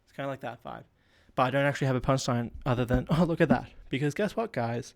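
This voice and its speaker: A man's voice: mid-range voice, fairly even intonation, quick pace, creaky. Giggly, rambling man. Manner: rambling, giggly and self-deprecating. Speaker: solo podcast host. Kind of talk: casual solo chat.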